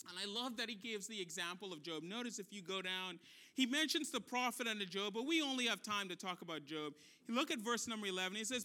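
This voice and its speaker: A pastor preaching a sermon, emphatic and repetitive, swinging between quiet and loud. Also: medium pitch.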